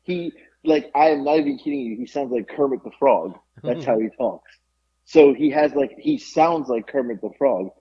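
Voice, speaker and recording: A man co-hosting a podcast, telling a story in animated casual chat and laughing often. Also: mid-range voice, moderate pace, husky, muffled recording. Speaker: podcast co-host.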